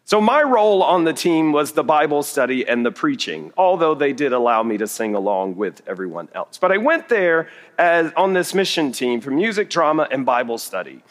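Man, middle-aged, preacher; slightly high voice, humorous storytelling, long hall reverb. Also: big pitch swings, moderate pace, hardly any pauses. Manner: humorous, self-deprecating storytelling. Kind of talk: storytelling sermon.

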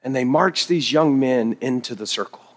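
A man's voice: medium pitch, normal speed. A middle-aged man preaching a sermon, telling stories with humor and poking fun at himself. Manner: humorous, self-deprecating storytelling. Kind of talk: storytelling sermon. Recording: reverberant hall.

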